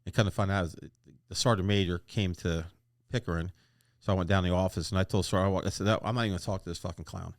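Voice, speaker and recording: A man's voice: sits low, fairly even intonation, fast talker, dry recording, clean studio sound. An older man telling blunt, profane war stories as a guest in a casual interview. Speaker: guest, retired Marine master gunnery sergeant. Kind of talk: casual podcast interview storytelling.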